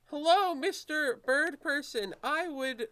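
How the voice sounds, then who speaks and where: A man voicing a nervous young male ambassador who stammers in a high, flustered voice. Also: animated, slow pace, pushed and bright, exaggerated voice.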